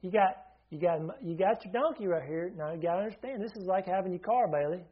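A man with a somewhat high voice preaches a sermon, teaching in a loose, chatty way. He keeps asking his listeners questions and restarts his sentences, and the recording sounds muffled and lo-fi. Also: quick pace.

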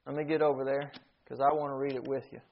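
A man's voice: medium pitch, level tone, quick pace, gravelly. A man, teaching a Bible class in a sermon style. He repeats key phrases and puts questions to his listeners. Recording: dull lo-fi recording.

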